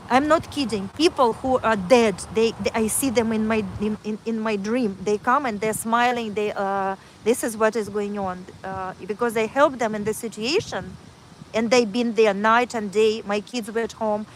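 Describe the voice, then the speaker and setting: A woman's voice: fairly high pitch, a little hiss or hum, rough recording. A woman telling a personal story on a livestream in earnest, repetitive, broken English, speaking into a phone. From Kazakhstan.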